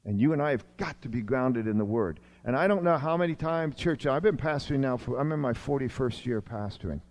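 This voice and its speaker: A man in his sixties, a longtime pastor, preaching a sermon with emphatic swings between urgent raised lines and quiet low asides. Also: lively intonation, fairly quick.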